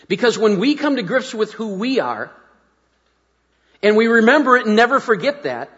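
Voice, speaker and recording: Folksy high-voiced pastor in a reverberant hall. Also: male voice. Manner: folksy, self-deprecating, conversational with frequent restarts. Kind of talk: sermon. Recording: muffled sound with long hall reverb.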